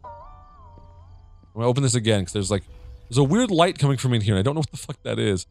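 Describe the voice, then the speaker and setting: An American man talks over a horror game in a rambling, foul-mouthed stream of commentary. His pitch leaps all over the place as he reacts. The sound is dry and close, with no room around it. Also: sing-song, fast, darkish tone, dry recording, soft background music. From United States. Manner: rambling, profane, jumpy reactions. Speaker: gamer. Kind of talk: let's play commentary.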